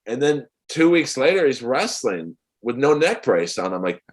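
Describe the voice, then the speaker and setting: A comedian in his forties, a man telling rambling, animated stories as a podcast guest. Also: mid-range voice, normal speed. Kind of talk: casual podcast chat.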